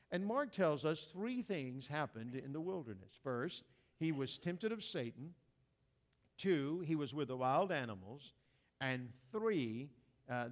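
A man preaching a sermon in a folksy, conversational way, talking straight to his congregation with homespun asides. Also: on the high side.

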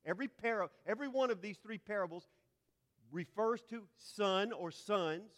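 A man's voice: high voice, normal speed, a bit bright. A man preaching a teaching sermon, often repeating and restarting words before climbing to emphatic peaks. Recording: long hall reverb.

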